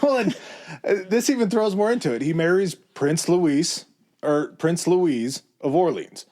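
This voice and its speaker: A man's voice: fairly high pitch, lively intonation, unhurried, warm tone. A man co-hosting a history podcast, telling it in a loose, conversational way with fillers and asides. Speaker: podcast co-host presenting the history. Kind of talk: casual history podcast chat.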